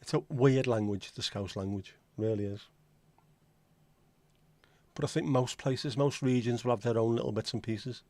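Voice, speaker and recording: A man with a Liverpool accent chats loosely on a livestream, cracking jokes, swearing casually and calling out viewers by name. His voice sits at an everyday middle pitch. The sound is close and dry, with no room echo. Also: normal speed, pauses often, a little mellow. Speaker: livestream host.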